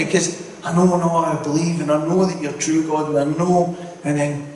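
A man's voice: fairly high pitch, flat delivery, fairly quick, darkish tone. Man, earnest rambling sermon testimony, distant mic, long reverb. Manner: earnest, rambling, self-interrupting. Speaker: lay preacher giving testimony. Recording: echoey hall, distant mic.

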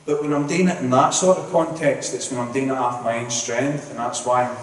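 A man's voice: medium pitch, fairly even intonation, brisk. A man giving an earnest, rambling testimony as a lay preacher, often breaking off and restarting. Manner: earnest, rambling, self-interrupting. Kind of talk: sermon testimony. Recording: echoey hall, distant mic.

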